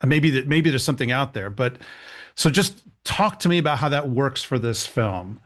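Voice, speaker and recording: Male interviewer, mid-pitched, relaxed conversational delivery with hesitant fillers. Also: normal speed.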